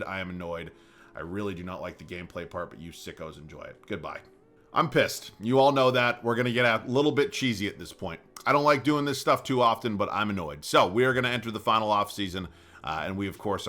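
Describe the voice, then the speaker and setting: A young man giving casual commentary over a basketball video game, moving between calm play-by-play and profane rants. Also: fairly low pitch. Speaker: gaming YouTuber.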